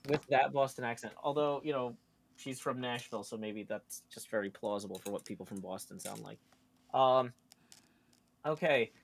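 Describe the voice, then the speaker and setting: Gravelly man, rambling casual chat. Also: mid-range voice, normal speed. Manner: rambling, full of fillers. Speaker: stream co-host. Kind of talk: casual chat on a live stream.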